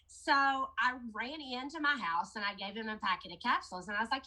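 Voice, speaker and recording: A woman's voice: fairly high pitch, expressive, a little fast, few pauses, bright, forceful tone, low-quality recording. A woman promoting a product, telling a chatty story to her sales team in a casual training talk. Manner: chatty storytelling, addressing listeners as "you guys".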